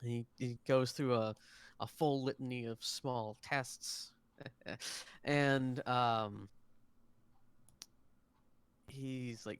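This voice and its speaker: A man runs a tabletop game as game master, describing each scene at length with plenty of ums and restarts. His voice is smooth and resonant, recorded close on a desk mic with a dry sound. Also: medium pitch, steady tone, drawn-out words, pauses often, no echo. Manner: rambling, many fillers and restarts. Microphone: close desk mic, online stream.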